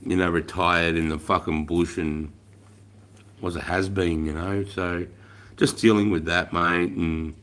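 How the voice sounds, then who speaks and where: A very deep-voiced Australian man in his forties hosting a casual livestream. He rambles, swears freely and calls everyone mate. His sentences often trail off into a quieter mutter. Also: steady tone, unhurried. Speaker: livestream host.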